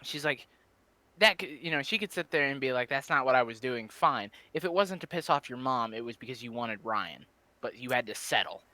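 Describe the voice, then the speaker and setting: A man co-hosting a podcast, chatting casually, reacting with jokes and quick laughs. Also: mid-range voice, bright, forceful tone, no echo. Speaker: podcast co-host. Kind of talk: casual chat.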